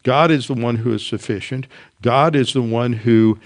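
Guy preaching a bible study, mid-pitched voice, reads psalms with emphasis then explains them. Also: moderate pace. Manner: teaching verse by verse, quoting scripture with rising emphasis; steady explanatory pace with occasional fillers and restarts. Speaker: Bible teacher. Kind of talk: sermon.

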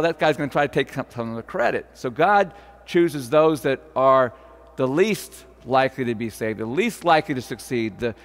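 A man's voice: on the high side, in a large hall. A man preaching a sermon in a church, talking in a conversational way and quizzing the congregation, with frequent fillers and restarts. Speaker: pastor. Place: church sanctuary.

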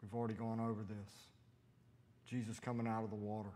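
A man preaching a sermon in a church, animated and storytelling, acting out voices as he quotes people. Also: fairly low pitch, fairly quick. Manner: animated, acts out quotes with loud shouted voices.

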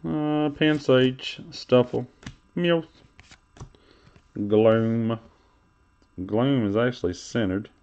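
On a lo-fi recording, a man with a mid-range, darkish voice hosts a live card-break stream. He calls out card names and teases viewers with joking banter in casual livestream commentary.

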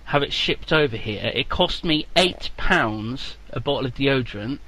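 Podcast co-host, man from England, deadpan, mock-serious, swears freely. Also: mid-range voice, normal speed, poor audio. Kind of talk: casual comedy chat.

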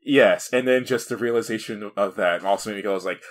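A man co-hosts a casual podcast reviewing movies, animatedly retelling scenes and laughing often. His voice is fairly low and quick.

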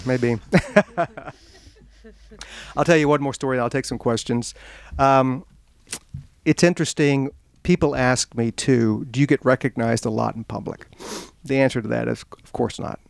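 A man's voice: medium pitch, gravelly. A man, an author, telling humorous stories to an audience at a bookstore event, acting out the voices of the people in his tales. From United States. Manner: animated, acts out quoted voices, self-deprecating jokes. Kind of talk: humorous storytelling talk.

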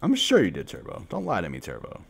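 A young man streaming a mobile card game, commenting live with profane trash talk, dropping to mumbles and then shouting at opponents. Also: mid-range voice, wildly swooping pitch, fast talker, vocal fry, husky.

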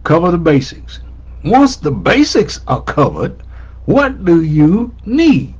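A man's voice: on the high side, huge pitch swings, slow pace, a little mellow, slightly rough, dull audio. A man preaching a sermon as pastor, repeating his key lines with rising emphasis. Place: church sanctuary.

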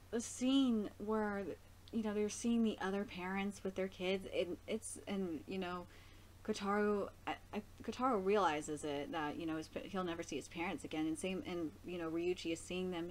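A woman streamer giving a casual live reaction to an anime episode, gushing and excitable, laughing often and chatting with lots of fillers. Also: mid-range voice, slight background noise.

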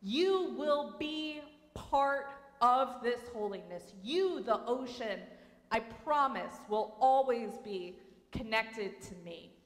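A gentle creator soothes and promises in a high, unhurried voice, as a woman tells the story from the pulpit. The sound rings in a big room with long reverb. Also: expressive. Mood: reassuring. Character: God, a gentle reassuring creator. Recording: reverberant sanctuary hall.

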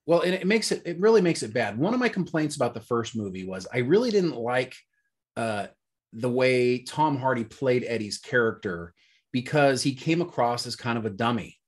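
A man's voice: mid-range voice, big pitch swings, normal speed, slightly rough. A man co-hosting a casual movie review chat, rambling and searching for words with lots of fillers. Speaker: podcast co-host.

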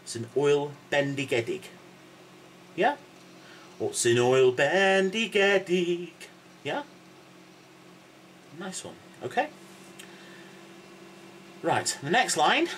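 A man's voice: mid-range voice, fairly bright tone, slight background noise, poor audio. A man giving a casual video lesson as a teacher, patient and playful, constantly checking in with the listener. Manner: playful, jokey asides. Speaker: language and singing teacher.

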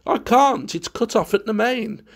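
Man doing a jittery young gentleman, high tense voice, facetious. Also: lively intonation, measured pace, full character voice. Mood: nervous. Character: nervous, self-conscious young gentleman.

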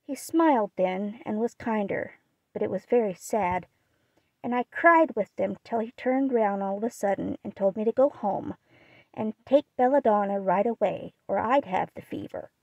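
A woman voicing a gentle, shy young girl in an audiobook reading, speaking softly and earnestly. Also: mid-range voice, normal speed, gravelly, no echo, muffled recording. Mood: sad. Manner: soft, quiet, earnest.

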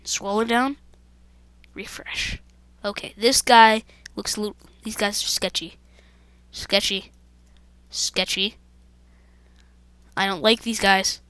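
A woman's voice: medium pitch, flat delivery, slow, long pauses, fairly bright tone, clean tone, no room sound. A woman hosting a let's-play gaming video, commenting to her viewers with jumpy, dramatic exclamations. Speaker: gaming channel host.

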